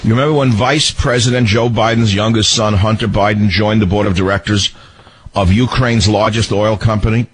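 A man's voice: on the low side, fairly even intonation, normal speed, breathy edge, rough recording. A man hosting a talk radio show, delivering a mocking, scolding political monologue.

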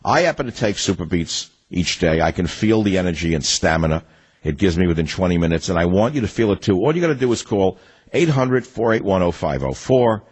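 A man's voice: deep voice, expressive, a little fast, slightly rough, poor audio. An older man hosting a political talk radio show, reading an ad and then ranting in a combative, mocking way.

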